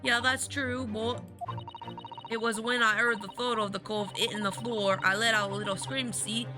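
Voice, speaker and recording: A woman voicing a blunt young street girl in an attempted Cockney accent, reading game dialogue in slangy, rough speech. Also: on the high side, steady tone, normal speed, music in the background, close to an everyday voice. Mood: cheeky.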